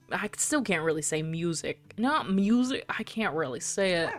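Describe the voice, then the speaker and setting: A woman's voice: fairly low pitch, animated, moderate pace, hardly any pauses, bright, forceful tone, dry recording, faint music behind. A woman streamer reading a story game aloud, with chatty, self-deprecating asides.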